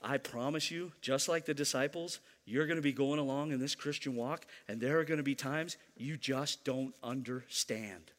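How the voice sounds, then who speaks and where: A man's voice: mid-range voice, normal speed, few pauses, a bit bright, long reverb tail. A man preaching a sermon to his church, emphatic and repeating key lines, teasing the congregation now and then. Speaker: pastor.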